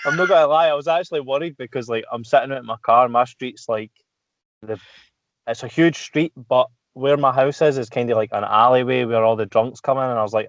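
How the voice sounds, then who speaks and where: A man's voice: medium pitch, a little fast, a little hiss or hum. A man with a Scottish accent, a podcast guest telling loose, sweary stories in casual chat from his parked car. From Scotland.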